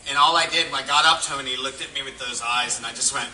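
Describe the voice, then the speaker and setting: A man on a convention panel telling an excitable, self-deprecating story about meeting a star. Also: medium pitch, very fast, hardly any pauses, heavy background noise. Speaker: voice actor panelist. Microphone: phone in audience. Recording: echoey distant phone recording.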